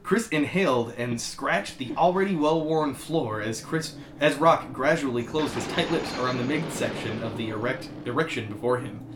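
A man's voice: mid-range voice, normal speed, few pauses. A man hosting a comedy podcast, reading a silly story aloud and breaking into laughter. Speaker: podcast host. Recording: echoey room with loud background hum.

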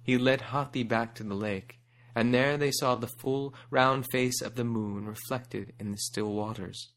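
A man reads a fable aloud at a measured, rhythmic pace. His voice sits at an ordinary middle pitch for a man, steady and unhurried. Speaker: narrator. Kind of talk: scripted storybook narration.

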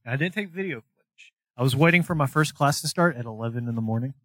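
A man's voice: mid-range voice, expressive, fast, a bit bright, dry recording. A young man co-hosting a podcast, telling a long story in casual chat, rambling, swearing and laughing as he goes. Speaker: podcast co-host.

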